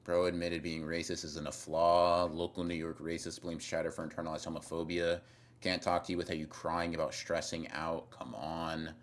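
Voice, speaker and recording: A young man with a very low voice chats loosely with his stream audience. He rambles, teases viewers and keeps restarting his sentences with fillers. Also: level tone, moderate pace. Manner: rambling, teasing, trails off with fillers and repeats. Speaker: streamer reading chat. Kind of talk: casual live-stream chat.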